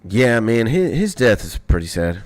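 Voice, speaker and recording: Excited, slangy young man streaming. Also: medium pitch, moderate pace, faint music behind. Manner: excited, swears a lot, slangy. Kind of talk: casual gaming stream chat.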